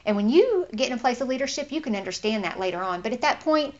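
A woman giving an informal Bible teaching in an earnest, conversational way, getting animated when she acts out what others say. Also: a little high, fast. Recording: slightly dull lo-fi recording.

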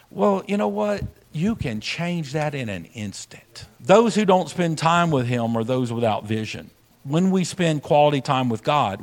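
A man preaching from the pulpit in a sermon. His delivery keeps swelling louder and then dropping low. He asks the congregation questions as he goes. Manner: lively preaching, rising and dropping loudness, asks the crowd questions. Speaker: pastor.

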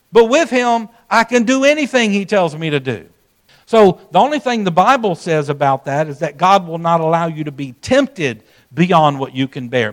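A man preaching a sermon, emphatic and conversational, telling folksy stories and dropping suddenly to a soft voice. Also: a little high. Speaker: pastor.

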